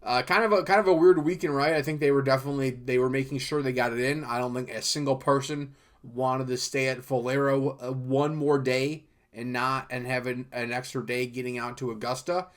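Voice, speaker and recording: A young man hosts a golf podcast on his own, voice pitched in the middle range. He rambles in a loose, easygoing way, breaking off sentences and filling gaps with lots of "uh" and "um". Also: steady tone, a little fast. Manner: loose and rambling, many fillers and restarts. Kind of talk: casual solo podcast chat.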